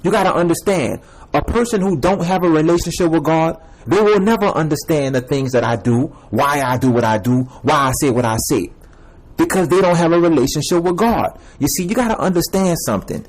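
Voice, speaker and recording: A man's voice: on the high side, expressive, a little fast, rough recording. A young man giving a repetitive, emphatic personal testimony, addressing viewers as y'all and man. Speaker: self-made video preacher.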